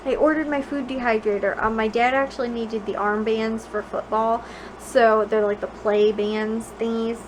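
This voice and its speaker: A woman's voice: a little high, fairly even intonation, moderate pace. A young woman from the Chicago suburbs, chatting casually to camera in her bedroom and rambling with many filler words. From Chicago suburbs, USA. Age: young adult. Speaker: vlogger. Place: bedroom at home at night. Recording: noisy home recording.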